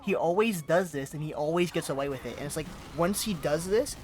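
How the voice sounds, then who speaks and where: A man's voice: on the high side, brisk, darkish tone, a little hiss or hum. A man commenting on a stream clip, exasperated and mocking, often calling the subject "bro". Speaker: commentary host. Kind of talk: reaction commentary.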